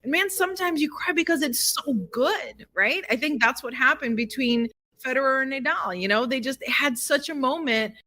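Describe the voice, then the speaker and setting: A woman's voice: sits high, normal speed, few pauses, pushed and bright. A middle-aged woman co-hosting a podcast in casual chat, emotional and talkative, full of fillers like "like" and "you know". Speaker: podcast co-host.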